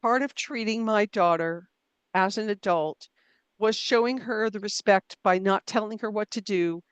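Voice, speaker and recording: A woman's voice: medium pitch, normal speed, clean tone, no room sound. A middle-aged woman answers a host's questions thoughtfully, poking fun at herself and circling back with restarts and fillers. Her voice sits mid-range and sounds dry and close to the mic. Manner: thoughtful, self-deprecating, frequent fillers and restarts. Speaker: author and writing coach, guest. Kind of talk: conversational interview.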